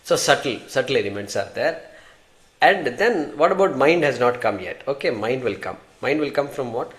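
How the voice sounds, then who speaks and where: A man's voice: mid-range voice, animated, normal speed. An Indian-accented man teaching a scripture class in a mid-range voice. He keeps things conversational, throwing questions to his students and answering them himself. He often recites Sanskrit terms and verses as he explains. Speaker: Vedanta teacher.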